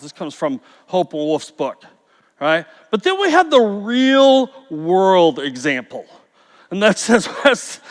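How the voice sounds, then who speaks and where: A high-voiced middle-aged man delivers a conference talk with a lively, swooping delivery, full of jokes. His voice rings out through a large hall with a long reverb. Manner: storytelling, jokey, animated. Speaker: conference speaker.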